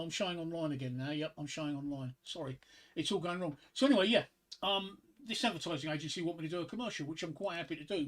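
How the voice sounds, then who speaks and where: At a home desk microphone, a middle-aged man chats casually on his live stream, his voice a little high. He rambles from topic to topic and reads corny one-liner jokes aloud.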